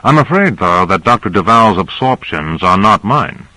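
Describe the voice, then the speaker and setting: A man's voice: fairly low pitch, expressive, moderate pace, sharp tone, dry recording, poor audio. A man reading a novel aloud, voicing a curious male agent who asks plain questions.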